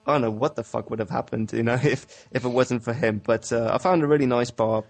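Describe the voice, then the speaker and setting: A man's voice: mid-range voice, fairly even intonation, a little fast, creaky. A man, co-hosting a casual podcast, telling laid-back stories peppered with slang. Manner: laid-back storytelling with British slang and chuckles. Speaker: podcast co-host. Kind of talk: casual chat.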